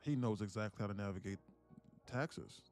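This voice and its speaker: A man talking to his live-stream audience in a rambling, excitable way, repeating himself and swearing. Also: on the low side, moderate pace, faint music behind. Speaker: day trading streamer. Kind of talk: casual live-stream commentary.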